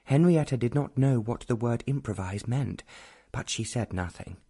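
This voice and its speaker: A man narrating an audiobook of a romance novel in measured, even storytelling. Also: mid-range voice, breathy edge.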